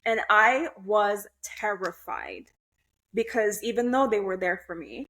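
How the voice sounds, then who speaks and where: A woman's voice: mid-range voice, expressive, a bit bright. Blunt, swearing young woman telling her story. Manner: blunt, swears freely, halting restarts. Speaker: podcast guest. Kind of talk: candid conversational storytelling.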